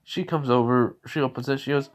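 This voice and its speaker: A man's voice: mid-range voice, brisk. A man improvising a fan story, rambling and correcting himself as he goes.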